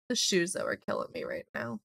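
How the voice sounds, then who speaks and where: A young woman, slightly hoarse, chatting and rambling through a let's play of a life-sim game. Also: fairly low pitch. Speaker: gaming YouTuber.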